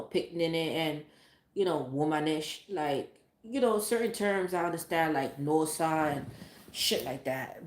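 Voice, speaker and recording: A woman with a fairly low voice talks casually and bluntly, swearing freely and padding her sentences with "like" and "um". The sound is roomy and echoey, as if recorded in a bare room. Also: darkish tone. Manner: candid and profane, rambling with fillers like "like" and "um". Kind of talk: casual chat.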